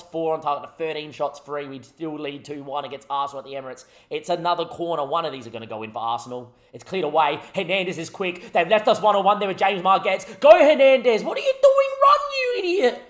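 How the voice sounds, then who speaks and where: Animated young man commentating a football game. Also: fairly high pitch, fast talker. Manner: animated, talks at the players and the game on screen. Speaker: gaming YouTuber. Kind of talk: live commentary over a football management game.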